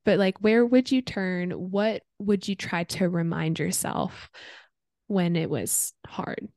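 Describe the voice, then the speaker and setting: A woman's voice: lowish voice, slow, a little mellow, no echo, clean studio sound. A young woman hosting a podcast conversation, speaking thoughtfully and searching for her words. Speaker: podcast host. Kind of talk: casual conversation.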